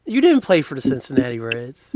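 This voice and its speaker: A man co-hosting a podcast, bantering in a dry, deadpan manner. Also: medium pitch, fairly quick, no room sound, highs cut off. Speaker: podcast co-host.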